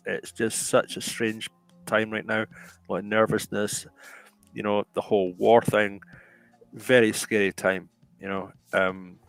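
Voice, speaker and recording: A low-pitched man with a gravelly, creaky voice chats loosely as a show host. He rambles, repeats himself, and keeps turning to his listeners. Faint music sits under his voice. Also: rough recording. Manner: rambling, repeats and restarts phrases, addresses listeners as folks. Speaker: podcast host. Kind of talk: casual chat.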